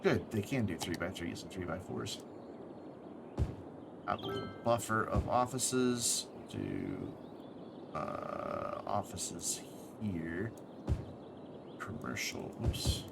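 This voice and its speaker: A man's voice: sits low, sing-song, takes it slowly, creaky, long pauses, heavy background noise. A man thinking aloud as he plays a city-building game on a live stream, correcting himself as he goes, tired and with the hiccups. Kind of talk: casual gameplay commentary.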